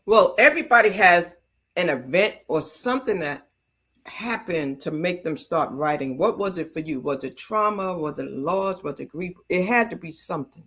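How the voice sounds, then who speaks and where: A woman's voice: lowish voice, expressive, moderate pace, a bit bright, slightly rough. A woman hosting a livestream talk show, energetically greeting viewers and hyping the audience. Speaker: host.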